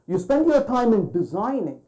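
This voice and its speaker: A man's voice: sits high, sing-song, moderate pace, dark tone, low-quality recording. A man giving a conference keynote, firing rhetorical questions at the audience and acting out quoted voices. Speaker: keynote speaker.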